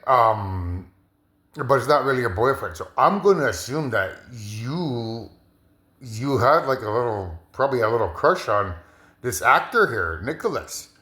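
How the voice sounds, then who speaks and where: A man's voice: medium pitch, sing-song, a little slow, sharp tone. A man rambling through a casual monologue, repeating himself and restarting his sentences. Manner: repetitive, full of restarts and fillers. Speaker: vlogger interpreting a viewer's video. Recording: roomy echo.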